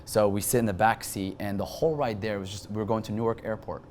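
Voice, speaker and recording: A man in his twenties telling a personal story as an interview guest, talking in quick bursts with frequent restarts. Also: fairly low pitch, steady tone, darkish tone, slight background noise. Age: 20s.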